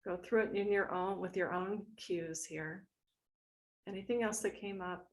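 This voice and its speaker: A woman leading a guided tapping meditation, speaking gently and instructively as she walks listeners through each point. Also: mid-range voice, fairly even intonation. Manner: gentle, instructive, slow and soothing.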